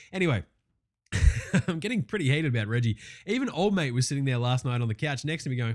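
Host: Australian man, lively up-and-down delivery, profane and excitable sports chatter. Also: mid-range voice, quick pace. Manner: profane, excitable, laughing rants. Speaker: podcast host. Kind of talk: casual sports podcast chat.

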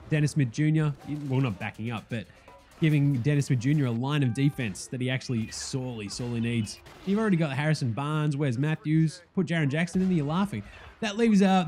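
A young man hosts a casual sports chat, talking in a slightly high voice. He is excitable and swears freely, jumping from loud, eager outbursts to low, muttered asides. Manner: excitable, profane and joking, swings loud and soft. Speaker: podcast host.

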